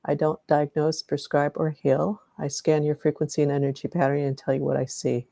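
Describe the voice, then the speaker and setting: A woman's voice: deep voice, monotone, a little fast, vocal fry, dark tone, no echo. A middle-aged woman hosting a live-streamed energy healing meditation, rambling and correcting herself as she guides listeners and greets viewers by name.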